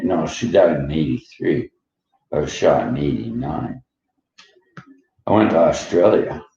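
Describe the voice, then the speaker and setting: Very deep, gravelly Canadian man rambling. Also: dark tone, echoey room, highs cut off. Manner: rambling, jumps between stories, laughs often. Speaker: vlogger. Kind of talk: rambling personal monologue.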